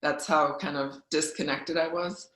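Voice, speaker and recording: A woman's voice: low-pitched, steady tone, a little slow, fairly bright tone. Woman telling her story in an echoey room. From Wisconsin, US Midwest. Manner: candid, conversational storytelling with fillers. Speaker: guest speaker. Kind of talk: personal storytelling talk. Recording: roomy echo.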